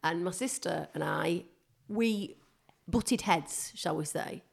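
Chatty woman with a gravelly low voice. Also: slow pace. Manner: chatty storyteller, digresses, animated. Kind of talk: casual chat.

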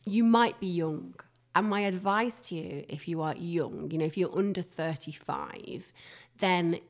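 A middle-aged woman hosting a casual podcast from her kitchen, talking in a chatty, expressive, rambling way. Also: fairly low pitch, creaky. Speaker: podcast host. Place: home kitchen.

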